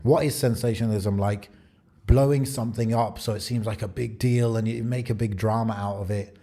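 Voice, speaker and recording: British guy on a podcast, lowish voice, rambly, lots of ums and likes. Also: fairly even intonation, a little fast, mellow. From Britain. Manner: rambling, thinks aloud with many fillers. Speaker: podcast co-host. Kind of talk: casual podcast chat.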